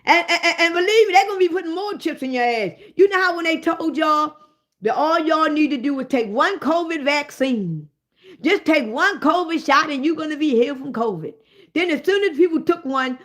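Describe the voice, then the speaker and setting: A woman, hosting a livestream and ranting in a loud, profane, animated way. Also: high voice, a little fast. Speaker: livestream host.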